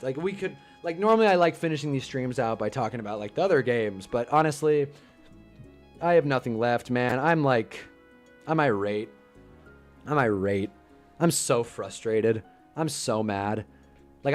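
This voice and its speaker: Young guy on a live stream, venting and swearing, voice spikes up loud, faint music behind. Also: mid-range voice. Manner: frustrated, swearing, swings into loud outbursts. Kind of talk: casual live-stream rant.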